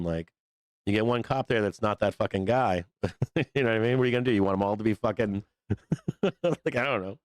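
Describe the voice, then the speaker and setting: A man's voice: lowish voice, brisk, pauses often, no echo. A man hosting a live show, ranting casually in a rambling, profane way and laughing often between points. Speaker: livestream host.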